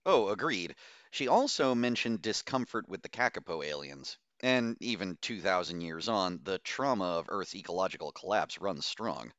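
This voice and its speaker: A man's voice: deep voice, animated, moderate pace, a bit bright, no echo, muffled recording. A man voicing a female expedition commander who gives urgent, clipped orders in an audiobook. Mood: thoughtful. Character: female expedition commander, decisive under pressure.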